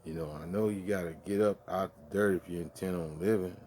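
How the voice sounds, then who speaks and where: A man's voice: low voice, fairly even intonation, fast talker, a little mellow, slight background noise. A man in his fifties, grieving, rambling profanely through a late-night monologue with many restarts. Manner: profane, meandering, restarts often. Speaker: vlogger.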